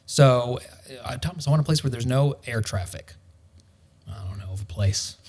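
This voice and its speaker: A man's voice: medium pitch, animated, moderate pace, darkish tone. A man, a realtor guest on a podcast, talking in a wry, storytelling way with dry humor. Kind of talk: casual podcast chat.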